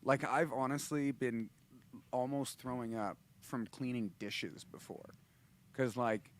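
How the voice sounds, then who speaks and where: A man's voice: medium pitch, steady tone, slow, slight background noise. A man hosting a casual livestream, rambling and laughing, restarting his sentences often. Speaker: host and musician.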